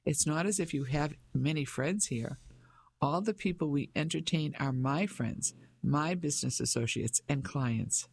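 A pompous businessman in his fifties who blusters and talks down to his wife, voiced by a man reading the audiobook. His voice is a touch high with a gravelly fry. The sound is dry and close. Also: unhurried, no echo, heavily acted. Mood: patronizing. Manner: blustering, patronizing. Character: pompous fifty-five-year-old English businessman husband. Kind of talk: audiobook character voice.

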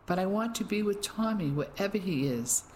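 A woman's voice: mid-range voice, animated, normal speed, darkish tone, slight background noise, pitched above the performer's own voice, natural voice, poor audio. A woman reading the part of a grieving man who speaks in a distraught, pleading way.

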